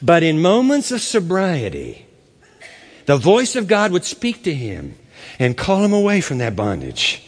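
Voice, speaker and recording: Passionate preacher guy, high voice bouncing all over, echoey church. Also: wildly swooping pitch, measured pace. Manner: impassioned, emphatic, with dramatic swings. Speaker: pastor. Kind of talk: sermon.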